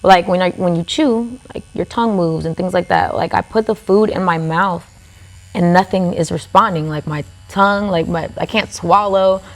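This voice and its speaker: Woman on a podcast telling a story, kinda gravelly fry, chatty, says like a lot, sitting in a tattoo studio. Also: on the low side, normal speed. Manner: chatty, filler-heavy with frequent "like". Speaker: podcast guest. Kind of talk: casual storytelling.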